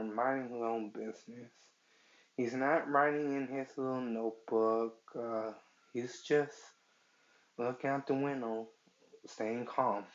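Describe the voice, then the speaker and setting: Man, improvised fan-fiction narration, halting, slow pace, muffled lo-fi sound. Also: medium pitch. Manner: halting, searching for words. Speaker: storyteller. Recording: dull lo-fi recording.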